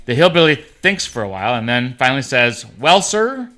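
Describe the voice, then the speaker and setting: Bright-voiced chatty host. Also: male voice, mid-range voice, expressive, fast talker. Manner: chatty, reads jokes aloud with small slips. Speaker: podcast co-host. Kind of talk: casual chat and joke reading.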